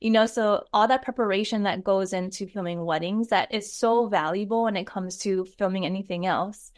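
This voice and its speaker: Woman, mid-pitched, eager filmmaker co-host giving advice in a casual podcast chat. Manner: enthusiastic, quick to react.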